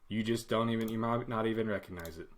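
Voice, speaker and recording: A man teaching web coding as an instructor in a casual screen-share lesson, animated and acting out commands in a loud put-on voice. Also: on the low side, quick pace.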